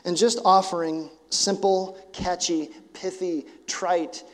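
A man's voice: sits high, fairly even intonation, takes it slowly. A man preaching a sermon as a pastor, storytelling earnestly and asking rhetorical questions, with casual fillers. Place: church sanctuary. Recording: long church hall reverb.

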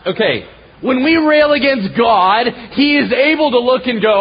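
A man pastor preaching a sermon in a conversational way, swinging from loud bursts to hushed asides, on a dull lo-fi recording. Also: very high voice, animated, moderate pace, slightly rough.

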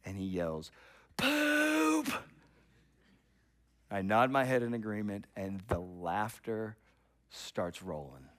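In a low-pitched voice at a measured pace, a middle-aged pastor preaches a sermon. He narrates with animation, rising loud and dropping to a hush, and tends to repeat words as he begins a thought.

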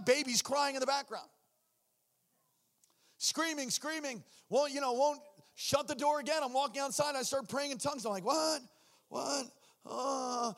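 Brief: male preacher, high voice, animated storyteller who acts out voices. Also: normal speed. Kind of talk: sermon testimony.

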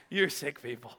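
A man preaching a sermon, telling the story dramatically with joking asides to the congregation. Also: bright, forceful tone. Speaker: pastor. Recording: long hall reverb.

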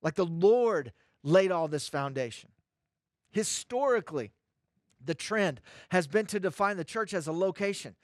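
A man preaching a sermon, his voice sitting high for a man. He drives points home by repeating words and phrases over and over. The sound is close and dry, with no room echo. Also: lively intonation, a little slow. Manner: emphatic, repeats phrases for stress. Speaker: pastor.

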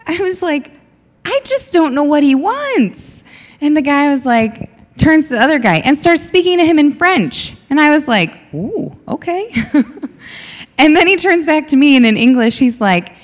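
A woman from the United States, a missionary guest, telling a funny story on stage in an animated, laughing way. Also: high voice. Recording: reverberant hall.

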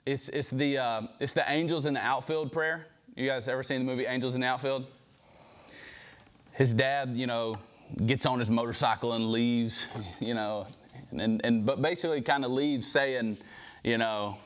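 A man's voice: mid-range voice, normal speed. Guy preaching a sermon, laid back and chatty, regular mid voice. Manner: conversational, relaxed preaching with casual asides. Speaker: pastor.

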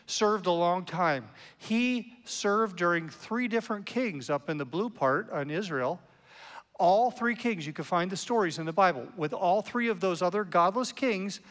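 A man preaching a sermon as a pastor, in an animated, conversational way with playful asides. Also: sits high, big-room sound. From United States.

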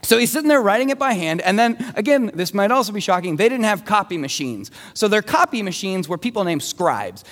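A young man preaching a sermon, telling the story with animated voices for the people in it. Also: sits high. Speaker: pastor. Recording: long reverb of a large hall.

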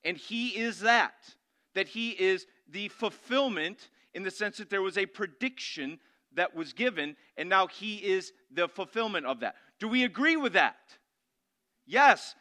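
Pastor guy preaching, high bright voice, gets loud and emphatic, answers his own questions. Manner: emphatic, rising to loud declarations; asks the congregation questions and answers them himself. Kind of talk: sermon.

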